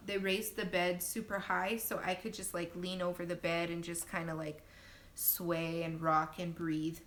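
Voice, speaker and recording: A young woman and new mother casually telling her birth story to viewers on a livestream, chatty and talking straight to her audience. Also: fairly bright tone. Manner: chatty, talks to viewers directly. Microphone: phone livestream. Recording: low-quality livestream audio with faint noise.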